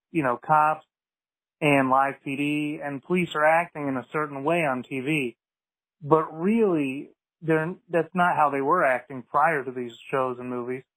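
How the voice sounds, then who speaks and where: Thoughtful man with a higher voice on a podcast. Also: a bit bright, poor audio. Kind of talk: casual podcast conversation.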